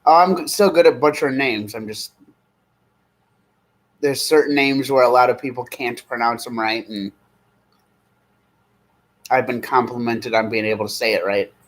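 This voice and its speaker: A man's voice: medium pitch, rough recording. A man in his thirties hosting a live stream, chatting casually and rambling at an easy pace. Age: 30s. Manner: rambling, easygoing, slow when reading names aloud. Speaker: streamer host.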